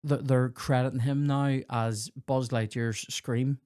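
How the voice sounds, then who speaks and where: A man's voice: mid-range voice, steady tone, unhurried, darkish tone, clean tone, no room sound, clean studio sound. A man, a comedy podcast host telling rambling, sweary childhood anecdotes and acting out the dialogue. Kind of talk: casual storytelling chat.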